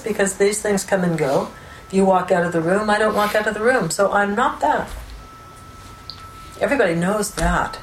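A woman giving an unscripted spiritual teaching, explaining ideas calmly and often checking in with "right?" and "you know". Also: medium pitch, normal speed. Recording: roomy echo with faint background noise.

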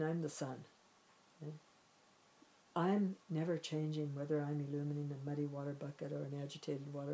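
Woman with a deep warm voice, gentle meditation teacher vibe, rephrasing as she goes. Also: rough recording. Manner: gentle, reflective, repeats and rephrases while searching for words. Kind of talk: spiritual teaching talk.

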